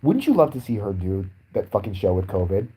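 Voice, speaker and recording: A man's voice: lowish voice, very animated, a little fast, mellow, a little hiss or hum, rough recording. A young man ranting in a crude, sarcastic, profane way as a podcast host. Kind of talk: crude comedic rant.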